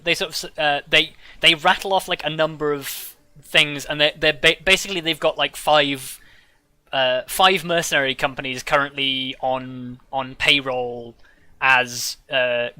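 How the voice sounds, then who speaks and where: A man's voice: mid-range voice, bright, forceful tone, clear, resonant tone, no room sound. A man narrating a tabletop game as game master, casual and full of fillers.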